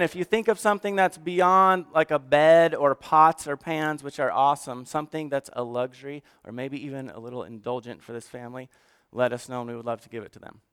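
A man's voice: mid-range voice, fairly bright tone, smooth. A man speaking as a pastor to his church in a conversational sermon, moving from joking asides to earnest, emotional storytelling.

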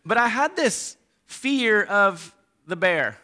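In a high-pitched voice, a middle-aged preacher takes his sermon slowly. He stays animated throughout, trading forceful emphasis for hushed asides.

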